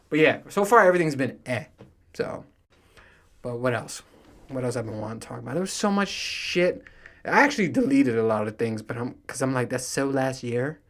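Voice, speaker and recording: A man in his thirties hosting a solo podcast, chatting casually in a rambling, profane way and laughing often. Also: medium pitch. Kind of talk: casual monologue.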